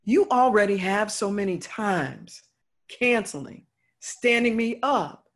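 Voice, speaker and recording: A woman's voice: medium pitch, expressive, slow. A woman playing a remorseful, motherly friend who confesses a wrong in earnest, heartfelt words in a stage play. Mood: confessing, earnest.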